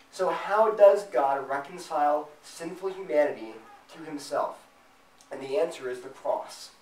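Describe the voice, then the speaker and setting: Man, fairly high voice, forceful apologetics lecturer, heard from a distance in an echoey room. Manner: emphatic, acts out imagined back-and-forth dialogue. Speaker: invited speaker at a student fellowship event. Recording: roomy sound, mic at a distance.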